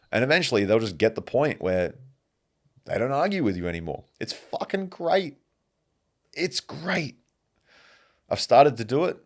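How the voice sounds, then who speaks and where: A man hosting a podcast, telling stories in a casual, animated monologue and swearing freely. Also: medium pitch, normal speed, pauses often. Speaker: podcast host.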